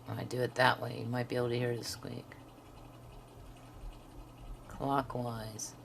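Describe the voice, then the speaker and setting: A woman hosting a craft video, chatting to viewers while she swatches pens and dropping into soft half-whispered asides. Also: extremely low pitch, level tone, measured pace, creaky, slight background noise. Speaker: craft channel host. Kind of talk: casual swatching narration.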